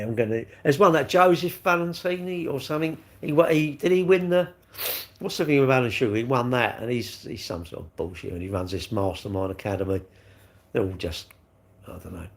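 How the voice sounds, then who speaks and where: A man rambling cheekily through a casual live stream, bantering with viewers and swearing freely. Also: on the low side.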